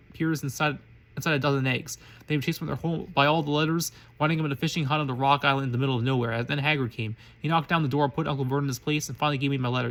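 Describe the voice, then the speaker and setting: Fast-reading man stumbling through a story. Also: medium pitch, a bit bright. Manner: quick reading with frequent slips and restarts. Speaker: reader. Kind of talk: reading fan fiction aloud.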